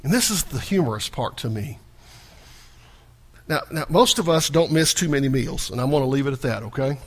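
A man's voice: mid-range voice, expressive, fairly quick. A male pastor preaching a sermon in a conversational, folksy way, often restarting and repeating small words.

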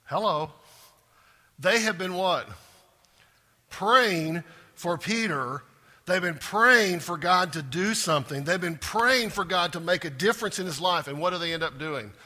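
Bright, husky-voiced male preacher. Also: high voice, measured pace. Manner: animated, acts out scripture quotes with rising intensity; asks the congregation direct questions. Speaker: pastor. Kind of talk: sermon.

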